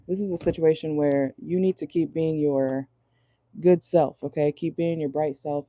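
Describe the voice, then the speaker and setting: Tarot reader chatting in a car, swears a lot, super mellow dark voice, dry close sound. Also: medium pitch, dry recording. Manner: chatty, blunt, swears freely; laughs often. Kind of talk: casual tarot reading. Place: inside a parked car.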